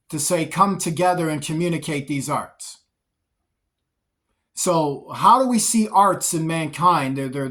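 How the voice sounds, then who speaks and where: A man's voice: on the high side, fairly bright tone. A man giving a spoken Bible teaching, speaking in repetitive lists and often restarting his phrases. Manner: repetitive, list-like delivery with frequent restarts.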